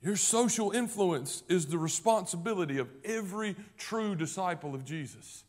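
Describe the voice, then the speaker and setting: A man preaching a sermon in a rather high voice. He is emphatic, rising to loud declarations and then dropping to hushed, low passages. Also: expressive, moderate pace. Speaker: pastor.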